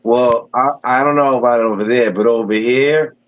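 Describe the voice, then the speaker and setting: A man's voice: medium pitch, steady tone, fairly quick, lo-fi sound. A man chatting on a group call, teasing and laughing often. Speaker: call participant. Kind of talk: casual group call chat.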